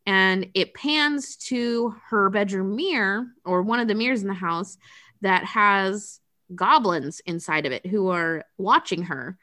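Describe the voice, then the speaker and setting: A woman podcast host retelling a movie plot in casual, profane chat. Her voice sits at an ordinary pitch for a woman and sounds bright and forward, and she leans into the sarcasm. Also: lively intonation, unhurried.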